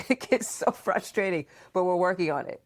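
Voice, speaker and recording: A woman hosting a casual podcast chat, asking questions and acting out remembered dialogue in a playful, animated way. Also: fairly low pitch, moderate pace. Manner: frequent laughter and questioning. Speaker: podcast host and mother.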